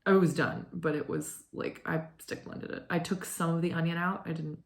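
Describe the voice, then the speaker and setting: A woman's voice: sits low, steady tone, normal speed. A woman in her twenties hosting a knitting vlog, chatting casually and rambling with lots of fillers and "like". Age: 20s. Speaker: knitting podcast host. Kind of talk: casual chat.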